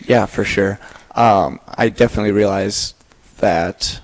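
A young man in his twenties speaks as an interview guest, easygoing and quick to laugh. His voice sits a little low. He answers plainly and without fuss. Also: poor audio. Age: 20s. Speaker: seminarian guest. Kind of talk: casual interview chat.

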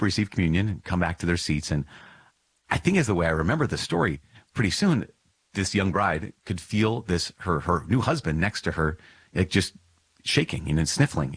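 Deep husky-voiced man, earnest podcast teacher. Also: no room sound. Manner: earnest, enthusiastic, storytelling with digressions. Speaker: podcast host. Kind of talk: reflective religious podcast teaching.

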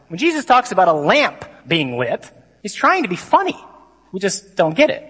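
A man, a priest giving a humorous conference sermon with lively storytelling and mock-dramatic asides. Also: high voice, normal speed, breathy edge. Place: large conference hall. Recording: long reverb of a conference hall.

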